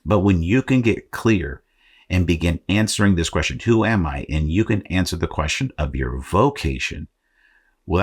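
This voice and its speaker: Very deep-voiced American podcast host. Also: male voice, breathy edge. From Arizona, United States. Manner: conversational, self-deprecating, with frequent fillers. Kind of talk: motivational faith podcast talk.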